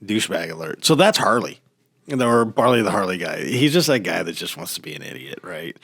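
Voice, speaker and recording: A middle-aged American man telling stories in a casual chat, animated and mimicking other people's voices. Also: lowish voice, a little fast, gravelly, breathy edge, dry recording, clean studio sound. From United States. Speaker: podcast guest.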